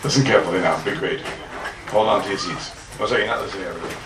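A man's voice: low-pitched, very fast. A man teaching a Talmud class to students, firing rhetorical questions and repeating his phrases for emphasis. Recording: echoey room, mic far off, faint noise.

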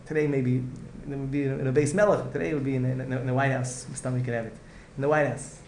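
Casting: male rabbi, gravelly and rapid, earnest lecture style, echoey room. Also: mid-range voice, fairly even intonation, darkish tone, a little hiss or hum. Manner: earnest, repetitive, restarts phrases, mixes in Hebrew and Yiddish words. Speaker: rabbi giving a Torah class. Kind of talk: heartfelt Torah lecture. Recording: echoey room with faint ambience.

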